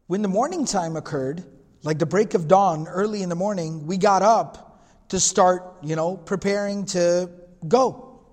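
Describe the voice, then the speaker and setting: A man giving a religious history lecture, reading passages in Arabic and retelling them in casual, animated storytelling. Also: high-pitched, long reverb tail. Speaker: Islamic lecturer.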